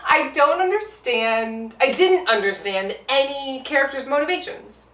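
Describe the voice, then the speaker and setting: A woman co-hosting a casual movie-review chat, animated and quick to mimic the characters she talks about. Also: high voice. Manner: animated, slips into mocking voices of characters. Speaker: podcast co-host. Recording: roomy sound, mic at a distance.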